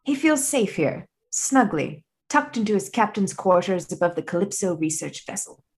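A woman putting on a British accent to play a nature-documentary narrator, telling a scene with measured, dramatic delivery. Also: medium pitch, very animated. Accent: British (put on).

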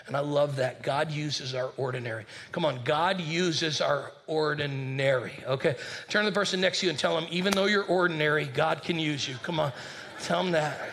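A man who is a senior pastor, preaching a lively sermon and calling on his congregation to respond. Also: on the high side, a little fast, a little hiss or hum. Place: church sanctuary with congregation.

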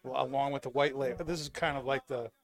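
A man's voice: medium pitch, steady tone, fast talker. Curious podcast host probing his guest. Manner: probing, repeats words when starting. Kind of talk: casual interview questions.

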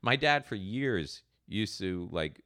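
Male podcast host, low, lively, bright, dry close sound, casual storyteller. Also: takes it slowly, no room sound. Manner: loose storyteller, animated quotes. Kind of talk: casual chat.

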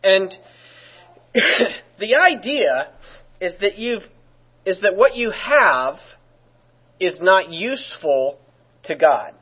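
A male pastor delivers a sermon in a relaxed, conversational manner and drops in joking asides. His voice sits a little high and has a husky edge. The recording sounds somewhat dull and lo-fi. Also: takes it slowly, pauses often.

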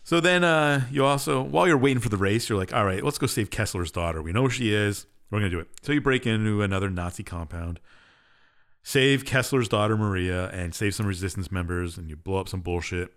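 A man's voice: lowish voice, a little fast, fairly bright tone. A man co-hosting a podcast, casually retelling a game's story in a rambling, offhand way. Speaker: podcast co-host. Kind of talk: casual game recap chat.

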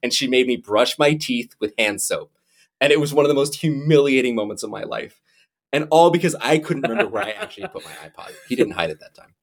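A man in casual podcast chat, animated, telling a personal story and laughing often. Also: mid-range voice, quick pace, gravelly.

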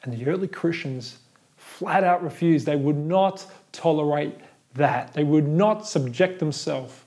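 A man's voice: on the high side, unhurried, a little mellow. A man preaching a sermon as pastor, earnest and building to fervent, emphatic lists.

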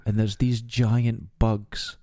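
A Scottish man with a low voice spins a long, animated anecdote on a podcast. He slips into the voices of the people in his story as he goes. The sound is close and dry. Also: slow pace, no room sound. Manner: animated anecdote teller who acts out quoted voices. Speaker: podcast co-host. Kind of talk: casual storytelling chat.

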